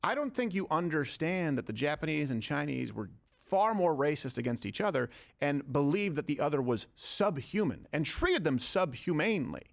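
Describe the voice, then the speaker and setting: Lively joking male talk host. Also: on the high side, moderate pace, vocal fry. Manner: argumentative, joking, reads quotes aloud. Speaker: show host. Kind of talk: political comedy talk.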